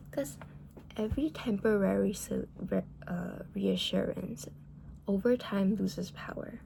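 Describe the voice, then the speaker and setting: Gravelly-voiced woman venting bluntly. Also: medium pitch, a little slow, noisy background. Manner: blunt, heated, swears often, many "like" fillers. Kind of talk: casual venting monologue.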